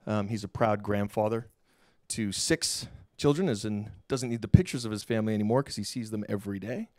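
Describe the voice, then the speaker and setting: A middle-aged man giving a keynote talk on stage, telling a story in a lively, casual way and acting out the dialogue with slang. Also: on the low side, brisk, dry recording, clean studio sound. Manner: animated, acts out quoted dialogue, casual slang. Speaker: keynote speaker. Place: lecture hall stage.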